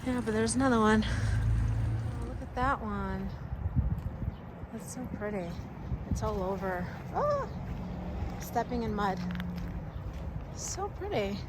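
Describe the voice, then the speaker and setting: A woman's voice: mid-range voice, lively intonation, takes it slowly, long pauses, very noisy. Chatty woman vlogging outdoors. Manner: chatty and exclamatory, thinking aloud. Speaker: travel vlogger visiting film locations. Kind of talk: casual walking-tour vlog. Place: outdoors in a town in winter.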